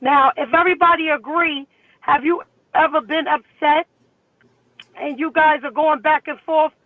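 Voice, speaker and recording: A woman's voice: high-pitched, steady tone, normal speed, no room sound. A woman co-hosting a casual chat, hyping listeners up and telling stories in a playful, chanting way. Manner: hypes up the audience with playful chants. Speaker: co-host. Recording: tinny phone line, dry.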